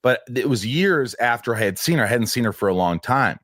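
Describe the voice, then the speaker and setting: A man's voice: mid-range voice, expressive, a little fast, a bit bright, dry recording, clean studio sound. Man rambling through a personal story. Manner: rambling, restarts often, acts out quotes. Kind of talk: telling a personal story in an interview.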